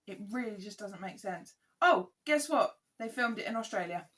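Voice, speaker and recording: A woman co-hosting a podcast in casual chat, animated and exasperated as she rants. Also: mid-range voice, normal speed. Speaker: podcast co-host.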